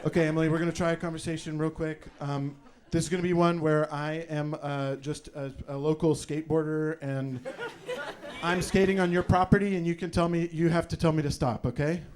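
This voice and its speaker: A man hosting a live improv comedy show who rambles loudly, swears and laughs. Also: a little high, little pitch movement, brisk, some chatter behind. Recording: live room with audience noise.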